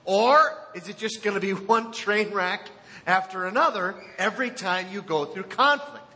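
A man's voice: sits high, normal speed, sharp tone, long reverb tail, poor audio. A middle-aged man preaching a sermon as pastor, chatty and joking, laughing often as he talks. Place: church sanctuary.

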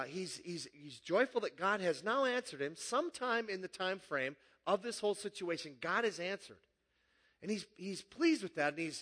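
A man preaching a sermon in a relaxed, joking, conversational way. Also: sits high, big-room sound. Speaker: pastor.

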